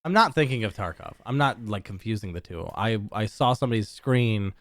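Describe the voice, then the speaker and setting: A woman's voice: very deep voice, lively intonation, fairly quick, no room sound. A woman co-hosting a casual gaming podcast, teasing her partner with dry banter. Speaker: podcast co-host.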